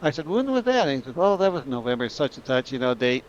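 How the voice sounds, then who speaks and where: A man's voice: medium pitch, quick pace, a little hiss or hum. Chatty man on dull remote audio. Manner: chatty, quotes others. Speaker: co-guest, UFO investigator. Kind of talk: casual interview storytelling.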